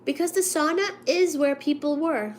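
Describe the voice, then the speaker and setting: A vlogger nursing a cold talks casually to a live audience, indignantly recounting a story and mimicking the people in it between coughs. Her high-pitched voice moves at a moderate pace over a little hiss or hum.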